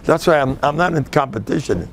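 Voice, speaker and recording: An older man giving an informal, animated Torah class as a rabbi, sprinkling Yiddish and Hebrew phrases. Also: on the high side, brisk, gravelly, slight background noise.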